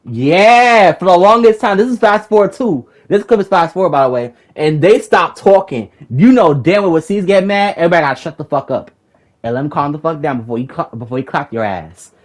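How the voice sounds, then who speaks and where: A man's voice: on the high side, lively intonation, a little fast. Fired-up, foul-mouthed young man. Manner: profane, rambling, repeats himself when worked up. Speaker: gamer recounting a raid group argument. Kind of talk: heated casual storytelling.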